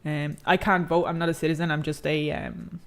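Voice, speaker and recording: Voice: medium pitch, flat delivery, brisk. A game streamer chatting casually while playing, slangy and profane, reading chat aloud and rambling with many fillers.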